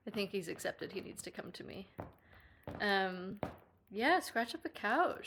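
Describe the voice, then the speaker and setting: A woman's voice: animated, unhurried, a bit bright, slight background noise. A young woman streaming live from a house with a headphone mic, chatting playfully with her viewers. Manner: chatty and playful, breaks into high baby talk with a cat. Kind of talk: casual live-stream chat. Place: indoors at a house, talking to a live chat.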